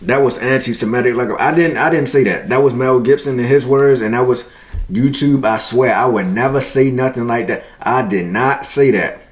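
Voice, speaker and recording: A man hosting a reaction channel, talking straight to his viewers in casual, slangy, animated commentary. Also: medium pitch, normal speed.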